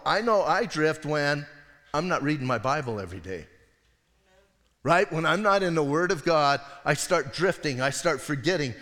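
A man's voice: on the high side, fairly bright tone. A male pastor preaching a sermon in a casual, conversational way, acting out voices as he retells stories. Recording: long hall reverb.

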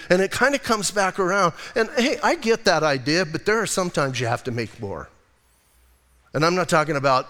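A man's voice: fairly high pitch, fairly bright tone. Older guy preaching casual-like, talks to the crowd, big echoey hall. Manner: conversational preaching, rhetorical asides. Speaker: pastor. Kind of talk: sermon. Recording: long hall reverb.

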